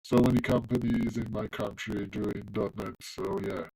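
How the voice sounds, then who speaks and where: A man's voice: on the low side, level tone, moderate pace, gravelly, a little mellow, rough recording. A man with a non-native English accent leaning American, streaming himself coding and chatting casually with viewers. He talks loosely, with plenty of ums and restarts. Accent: non-native English accent, closer to American. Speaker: coding livestreamer. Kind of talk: casual livestream chat while coding.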